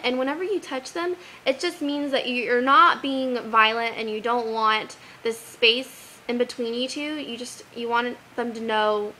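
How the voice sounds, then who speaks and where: Young woman vlogging advice, high bright voice, earnest and animated. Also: moderate pace, a little hiss or hum, poor audio. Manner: earnest, animated, quotes Bible verses. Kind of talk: casual advice vlog.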